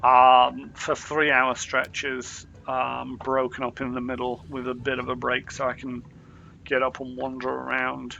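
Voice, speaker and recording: A man's voice: medium pitch, monotone, measured pace, creaky, bright, forceful tone, highs cut off, a little hiss or hum. A young man streaming a video game, rambling in loose commentary full of ums and uhs.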